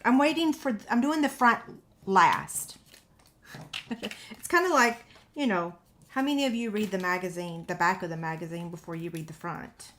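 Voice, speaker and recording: A woman's voice: mid-range voice, moderate pace, a bit bright, slight background noise. A woman hosting a paper-craft tutorial, chatting with viewers in a self-deprecating way while she works, with a slightly runny nose. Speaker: paper-craft video host. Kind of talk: casual crafting tutorial chat.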